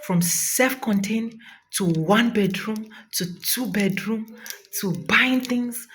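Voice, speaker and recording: A woman's voice: on the high side, takes it slowly, faint music behind. A young Nigerian woman vlogging a fervent, preachy testimony of thanks, close to tears. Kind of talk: emotional testimony vlog.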